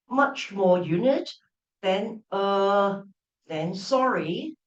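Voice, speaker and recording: A middle-aged woman lectures at an unhurried pace, often restarting phrases and tagging on "right?" to check in with her audience. Her voice sits at an ordinary pitch, and the lecture room gives it a roomy echo. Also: distant mic, lo-fi sound. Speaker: university professor giving a lecture. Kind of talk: open-day lecture.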